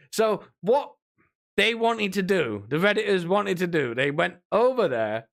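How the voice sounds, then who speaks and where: A sarcastic man holds forth in a ranting stream commentary, swearing freely. His voice sits a little high and has a gravelly edge. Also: animated, normal speed, a bit bright. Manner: mocking, sweary, puts on whiny voices to mock.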